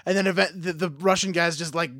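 A man's voice: sits high, steady tone, fast, bright, forceful tone, no echo, studio quality. A man co-hosting a podcast in casual chat, joking and sarcastic, laughing often. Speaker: podcast co-host.

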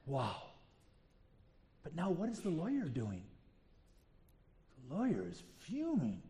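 Animated high-voiced male pastor preaching. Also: takes it slowly. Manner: animated storytelling with rhetorical questions. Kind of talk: sermon.

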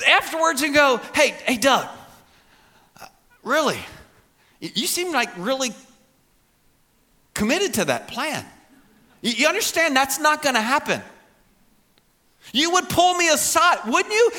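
A male pastor preaching a sermon in an animated, conversational way, acting out quoted lines. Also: extremely high pitch.

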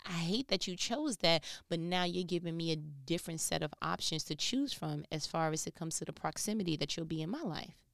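A woman giving a casual motivational talk into her phone, telling stories animatedly and swinging from loud to hushed. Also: low voice, lively intonation, a little fast, creaky, no echo, studio quality. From New York.

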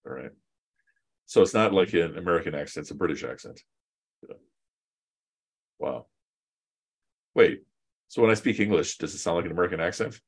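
A man teaching a casual online Quran class, relaxed and joking with chatty asides, over a video call. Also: low-pitched, moderate pace, long pauses, slightly rough.

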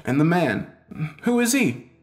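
A man's voice: fairly high pitch, very animated, a little slow, pitched above the performer's own voice. A man playing a desperate, furious father, speaking urgently and in bursts of anger. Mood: confronting. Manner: shouting, urgent.

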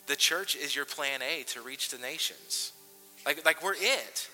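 A pastor in his thirties preaches in a large church, telling stories with plenty of restarts. His voice is very bright and cutting, and it rings out with the long reverb of the hall. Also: a little high, slow pace, long pauses, soft background music. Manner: animated storytelling with frequent restarts. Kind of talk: sermon.

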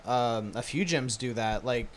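A man's voice: medium pitch, unhurried. Easygoing man co-hosting, faint background hiss. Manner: easygoing, brief agreeing replies. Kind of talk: casual podcast chat.

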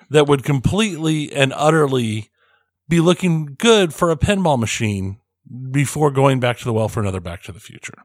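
A man's voice: fairly high pitch, no room sound, studio quality. A man co-hosting a podcast in casual chat, starting over and repeating his words, laughing often. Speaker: podcast co-host.

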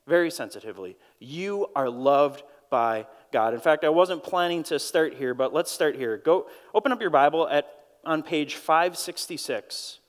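Man, pastor, Minnesotan accent, earnest sermon, slightly high voice, long hall reverb. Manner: earnest, storytelling, pauses and repeats words. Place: church auditorium.

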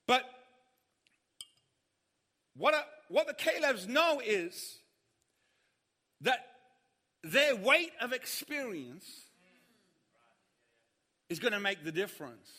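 A man preaching a sermon, telling a funny story and acting out the panic of others in shouts. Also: very high-pitched, very animated, slow, long pauses. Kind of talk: sermon with humorous anecdote. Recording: hall reverb.

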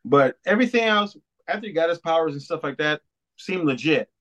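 A man in casual podcast chat, with a voice pitched a bit high. He talks in an animated way, swears freely and laughs often. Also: a little fast, poor audio. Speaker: podcast co-host.

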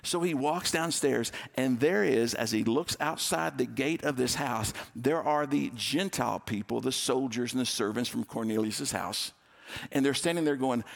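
A man preaching a sermon as a pastor, retelling a Bible story in a lively way and acting out its characters' voices. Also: mid-range voice, moderate pace, vocal fry. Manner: animated, acts out voices of the story's people.

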